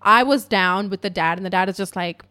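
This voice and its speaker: A young woman telling a story in a casual, profane, animated way at home in her apartment. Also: medium pitch, a little fast.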